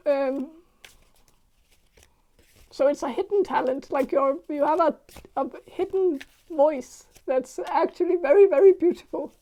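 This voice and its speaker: A woman doing a casual tarot reading, talking hesitantly with many pauses, fillers and restarts. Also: high-pitched, mellow. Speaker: tarot reader.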